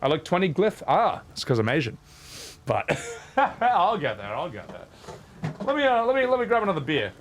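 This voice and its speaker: A man in his thirties, out of breath, chatting casually on his stream and shouting out thanks to his viewers. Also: high voice, wildly swooping pitch, moderate pace, a little hiss or hum. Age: 30s. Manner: breathless, thanking chat with loud shout-outs.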